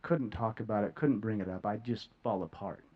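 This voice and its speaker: A man giving an emotional talk to a live audience, earnest and heartfelt, often halting with repeated words and long pauses. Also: lowish voice, muffled recording. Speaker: speaker sharing a near-death experience. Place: stage before a live audience.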